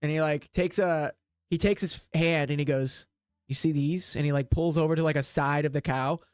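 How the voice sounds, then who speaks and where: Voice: mid-range voice, steady tone, a little fast, clear, resonant tone, dry recording, studio quality. A game master narrating a tabletop game in a casual, rambling way full of fillers.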